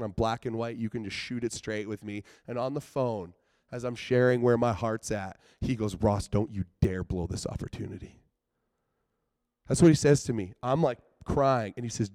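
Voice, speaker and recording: A man's voice: medium pitch, clean tone, no echo, studio quality. Earnest man preaching a sermon. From British Columbia, Canada. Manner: earnest, conversational, with frequent filler "like"; swings between soft, quiet asides and loud, emphatic outbursts.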